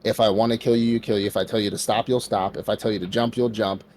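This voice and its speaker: Speaking fast with fairly even intonation, this man has a lowish, slightly mellow voice, and there's a bit of background noise. Co-hosting a podcast, he loosely narrates an anime storyline, acting out lines and filling gaps with lots of "like."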